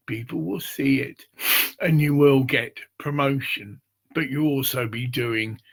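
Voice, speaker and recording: A man giving a rambling, informal pitch for a charity promotion project, swearing freely and checking in with "see?" and "get it?". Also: creaky, bright, forceful tone. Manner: meandering, profane, repeats "see" and "get it".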